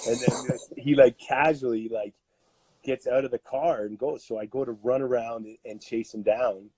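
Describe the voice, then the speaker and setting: Animated Canadian man telling stories. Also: medium pitch, slightly rough, dry recording. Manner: animated, laughing, full of fillers. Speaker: podcast guest, strength coach. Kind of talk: casual storytelling.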